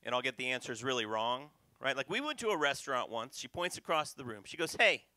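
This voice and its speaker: A man performing a stand-up comedy set on a club stage, talking punchily and working the crowd loudly. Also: medium pitch, animated, fast talker, no echo. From North Carolina, USA. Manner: punchy, loud crowd work.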